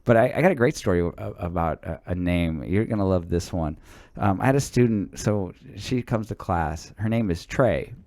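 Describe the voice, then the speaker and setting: A man's voice: low-pitched, lively intonation, normal speed, darkish tone, no echo, studio quality. A man, a teacher, co-hosting a casual podcast chat, telling stories with stammering restarts and casual swearing. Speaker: podcast co-host.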